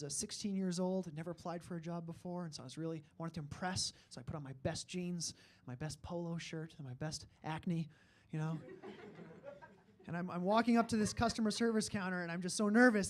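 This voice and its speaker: A man's voice: high voice, slight background noise. A young man from Alberta, Canada, doing a stand-up comedy set, self-deprecating and rambling, with frequent fillers.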